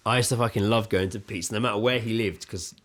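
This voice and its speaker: A man's voice: on the low side, steady tone, fast, fairly bright tone. A man co-hosting a podcast, telling rambling stories in casual chat and swearing freely. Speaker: podcast co-host.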